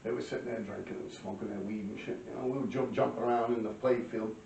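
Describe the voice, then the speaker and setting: Gravelly New man swearing through stories. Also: medium pitch, fairly even intonation, fast talker, dark tone, slight background noise. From New York. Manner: profane street-style storytelling, frequent throat-clearing. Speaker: vlogger telling life stories. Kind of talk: casual storytelling to camera. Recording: roomy, distant, dull-sounding.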